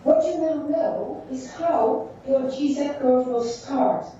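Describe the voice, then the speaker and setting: A woman teacher giving a classroom lecture, thinking aloud in halting phrases while she draws on a board. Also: high-pitched, dark tone, slight background noise. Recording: echoey dull room sound from far off.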